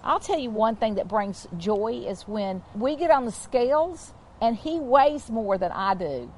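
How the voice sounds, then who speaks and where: A woman's voice: a little high, very animated, measured pace. A woman co-hosting a casual Christian chat show with her husband, often breaking into giggles. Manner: giggly, keeps breaking into laughter. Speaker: co-host.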